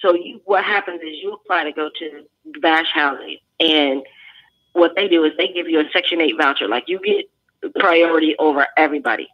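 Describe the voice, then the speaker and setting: A female veteran from California, a guest on a phone-in talk show, speaks in earnest bursts and often restarts her sentences. Her voice is low and a little fast, and the recording is muffled.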